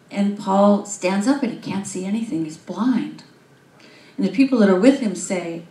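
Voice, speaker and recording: A woman's voice: medium pitch, moderate pace. Woman minister telling a sermon story. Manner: lively, animated storyteller. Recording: roomy, from far off.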